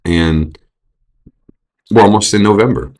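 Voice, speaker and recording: A young adult man hosting a casual astrology stream, profane and animated, often jumping into mocking voices. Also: fairly low pitch, a little slow, a little hiss or hum. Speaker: astrology show host. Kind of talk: casual astrology livestream talk.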